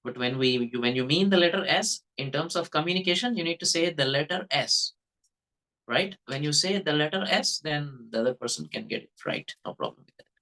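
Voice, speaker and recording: A man's voice: a little high, expressive, fairly quick, sharp tone, rough recording. A man with a Telugu-influenced Indian English accent, teaching English pronunciation in a casual spoken lesson and often checking in with "okay, right?". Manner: repeats "okay, right?" and "you know", demonstrates sounds.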